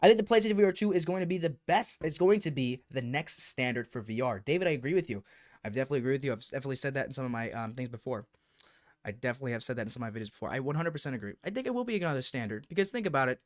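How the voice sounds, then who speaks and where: A man hosting a casual livestream, chatting to viewers and answering their comments in an animated, talkative way with some mild swearing. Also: medium pitch, racing. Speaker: livestream host. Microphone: desk streaming microphone.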